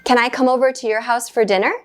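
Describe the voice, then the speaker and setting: A woman teaching an English grammar lesson, explaining in a clear, measured way and giving short upbeat praise after each exercise. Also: fairly high pitch, steady tone, soft background music.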